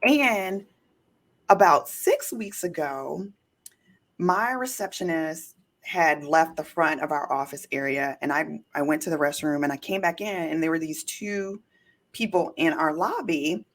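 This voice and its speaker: A woman hosting an interview podcast, an attorney herself, talking in an emphatic, animated way and telling stories. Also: sits low, unhurried. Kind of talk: casual interview chat.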